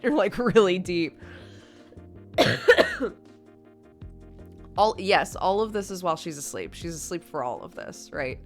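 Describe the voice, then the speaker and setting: A woman's voice: low-pitched, lively intonation, moderate pace, long pauses, soft background music. Chatty woman streamer telling a story. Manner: chatty, full of "like" fillers, laughs through the telling. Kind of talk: casual storytelling to a live stream chat.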